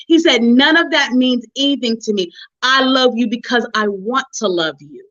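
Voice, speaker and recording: Bright-voiced woman preaching her testimony. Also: fairly high pitch, normal speed, lo-fi sound. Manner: lively, preachy, calls listeners honey and sis. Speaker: host of a relationship forum. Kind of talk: personal testimony to listeners.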